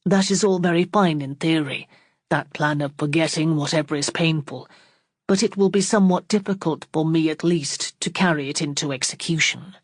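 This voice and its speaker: A woman reading as a proud, formal young gentleman. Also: low-pitched, no room sound, clean studio sound. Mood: cool. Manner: measured, formal speech. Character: earnest young gentleman suitor, proud and cool.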